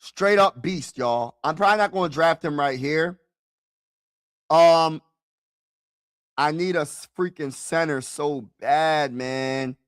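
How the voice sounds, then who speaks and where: A man with a fairly high voice hosts a casual sports live stream and talks through a mock draft with his viewers. He repeats himself, calls them "bro" and "y'all", and swings from loud frustration to low mutters. The sound is dry and close to the mic. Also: slow pace, pauses often, smooth, no echo.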